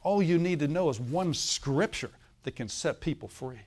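A man's voice: a little high, animated, moderate pace, darkish tone. A male pastor preaching a sermon, telling a story and often asking the congregation for an amen, with a laugh now and then.

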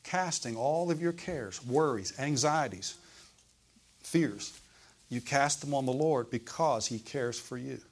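A man preaching a sermon in a church service, asking the congregation questions and swinging between loud and hushed delivery. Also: medium pitch, expressive, slow. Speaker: pastor.

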